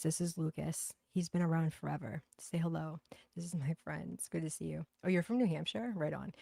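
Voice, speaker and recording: Low gravelly Boston-accented woman. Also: mellow, no echo, studio quality. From New Bedford, Massachusetts. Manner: blunt, profane, chatty, gossipy. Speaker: livestream host. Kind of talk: casual livestream chat reading viewer comments.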